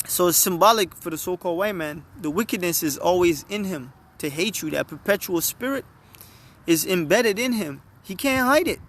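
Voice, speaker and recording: A man's voice: sits high, a bit bright, a little hiss or hum. A man reading scripture and preaching with emphasis, often checking in with his listeners. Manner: emphatic, repeatedly asks "all right?". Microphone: phone.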